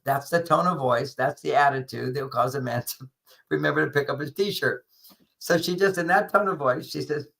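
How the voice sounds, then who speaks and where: Older male guest author, gravelly and bright, animated anecdotal delivery. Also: fairly high pitch, low-quality recording. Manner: animated anecdotal explaining, acts out quoted lines. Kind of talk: storytelling interview answer.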